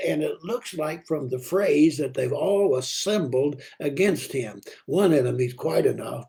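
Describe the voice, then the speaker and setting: A male preacher gives a daily Bible devotional. His voice is gravelly and warm. He talks unhurriedly, with many filler words and restarts. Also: a little high.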